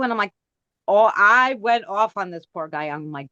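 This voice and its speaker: A woman co-hosting a livestream, telling stories in an animated, profane, fiery way. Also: medium pitch, a little slow, pauses often, no echo, lo-fi sound. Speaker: livestream co-host. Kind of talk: casual chat.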